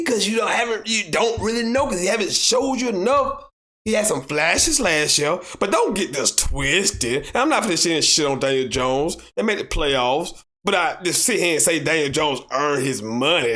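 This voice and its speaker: A man with a Southern American accent hosting a solo sports podcast, arguing his points with heavy repetition and reading viewer comments aloud. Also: fairly high pitch. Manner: animated, repeats points for emphasis, rising to near shouts; reads viewer comments aloud and argues back. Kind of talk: solo sports talk show.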